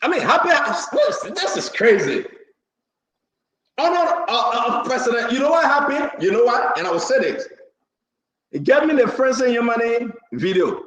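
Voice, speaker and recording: High-voiced man, emphatic host. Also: very animated, moderate pace, fairly bright tone, roomy sound, low-quality recording. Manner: emphatic, repeats phrases, laughs between points. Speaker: talk show host. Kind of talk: live talk show commentary.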